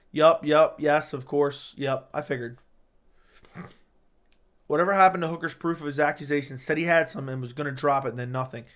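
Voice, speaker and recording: A man hosting a casual livestream, reading viewer questions out loud and answering them in a chatty, joking way. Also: medium pitch. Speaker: livestream host.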